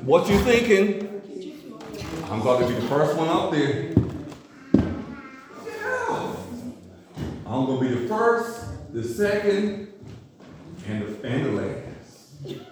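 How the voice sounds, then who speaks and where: A man's voice: a little high, wildly swooping pitch, slow pace, long pauses. A man preaching a sermon, asking the congregation questions and acting out everyday scenes. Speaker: pastor. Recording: echoey distant room mic with noise.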